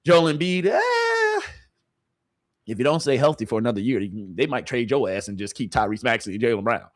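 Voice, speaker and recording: A man's voice: medium pitch, huge pitch swings, fairly quick. Heated man ranting about sports. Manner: heated, repetitive, talks straight to the audience with slang. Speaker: host. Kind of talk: animated sports commentary to a stream chat.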